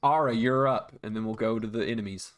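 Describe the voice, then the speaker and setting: A man narrating as dungeon master, relaxed, with frequent ums and restarts. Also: fairly low pitch, quick pace. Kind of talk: narrating a tabletop game.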